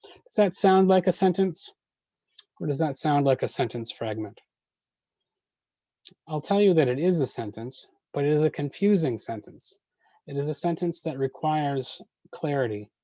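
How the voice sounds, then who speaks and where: A man leading an online poetry workshop, answering questions in a measured way with frequent ums and uhs. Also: a little high, warm tone, no echo, highs cut off.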